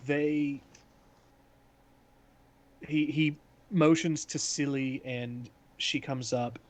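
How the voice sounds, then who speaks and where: A man's voice: on the high side, fairly even intonation, very slow. A man narrating a tabletop game as game master, talking casually with lots of "like" and "um". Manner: casual, full of "like" and "um".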